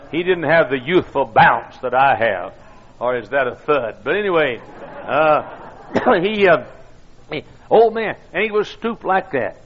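A man's voice: medium pitch, muffled recording. An older man, a pastor, telling stories in a folksy, self-deprecating sermon with many fillers and restarts. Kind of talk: storytelling sermon.

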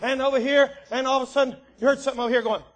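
A man preaching an animated storytelling sermon and acting out the scenes. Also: extremely high pitch, very fast, slight background noise.

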